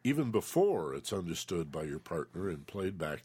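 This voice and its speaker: A man giving relationship advice in a slow, emphatic way, acting out quoted feelings. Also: low voice, big pitch swings, a little mellow, husky.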